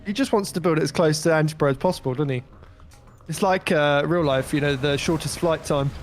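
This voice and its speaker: Relaxed, hesitant male co-caster. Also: on the high side, brisk, soft background music. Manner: relaxed, hesitant, laughs along. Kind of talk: casual esports commentary.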